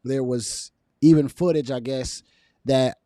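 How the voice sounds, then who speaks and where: A man's voice: mid-range voice, slow pace, no echo, clean studio sound. A man hosting a vlog, reacting to news in casual, emphatic talk full of fillers. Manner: animated, emphatic, heavy on fillers.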